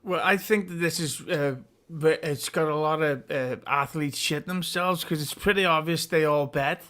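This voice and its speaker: A man's voice: on the high side, moderate pace, a bit bright. A man appearing as a podcast guest, giving blunt, profane, dismissive opinions. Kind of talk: casual podcast chat.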